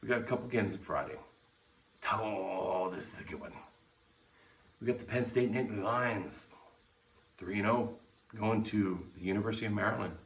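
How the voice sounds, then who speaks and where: A man's voice: fairly low pitch, moderate pace, gravelly, long pauses. A man hosting a casual sports podcast from his garage, brash and blunt, swearing freely as he runs through teams and picks. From United States. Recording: echoey garage, mic at a distance.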